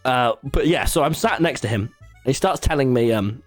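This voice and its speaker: A man's voice: mid-range voice, animated, normal speed, faint music behind. A young man telling a rambling story to his live chat, often laughing and restarting. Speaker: streamer.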